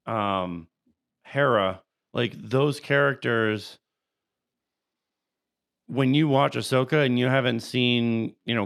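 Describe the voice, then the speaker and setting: A man's voice: medium pitch, gravelly, clear, resonant tone. Easygoing man chatting on a podcast. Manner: relaxed, restarts often, lots of "you know". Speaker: podcast co-host. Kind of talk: casual chat.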